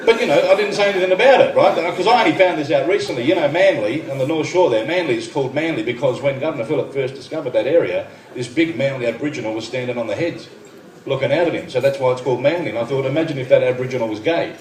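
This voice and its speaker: A man's voice: medium pitch, very fast. A man in his thirties with an Australian accent doing a stand-up routine, trading dry one-liners and asides with the crowd. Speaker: stand-up comedian. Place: benefit night venue, live room. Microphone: far phone recording. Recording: echoey far phone recording, noisy room. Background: crowd laughter and room noise.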